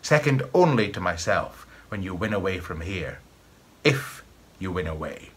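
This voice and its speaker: Sly old scottish wizard schoolmaster, as a husky low-voiced man reads him, mocking and menacing. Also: sing-song, a little slow, full character voice.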